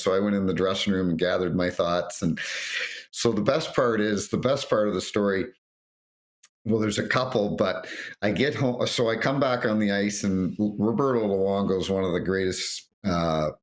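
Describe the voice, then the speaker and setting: A middle-aged man, a retired referee, telling anecdotes on a podcast and acting out quotes with frequent restarts. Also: low voice. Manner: animated storyteller, acts out quotes, frequent restarts. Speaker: retired hockey referee guest.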